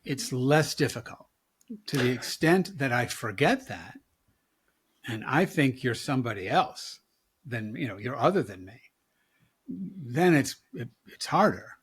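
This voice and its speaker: A man in his seventies, a rabbi, talks through ideas in a relaxed, reflective way. His voice is somewhat husky, and he chuckles and jokes as he goes. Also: mid-range voice, unhurried. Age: 70s. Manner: reflective, wry, chuckles often. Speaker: rabbi and guest. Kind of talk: casual conversation.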